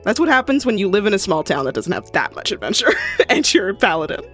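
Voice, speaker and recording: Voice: medium pitch, sing-song, quick pace, a bit bright. A tabletop player casually describes a character and explains game rules. The talk wanders, with frequent ums and restarts. Faint music sits in the background. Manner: hesitant, explaining with fillers.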